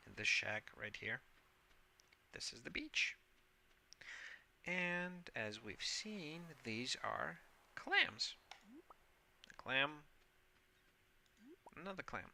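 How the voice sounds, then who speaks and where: A man's voice: medium pitch, creaky, sharp tone, slight background noise. A man giving casual game commentary in a rambling, hesitant and playful way, with a habit of saying "like". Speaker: gameplay host.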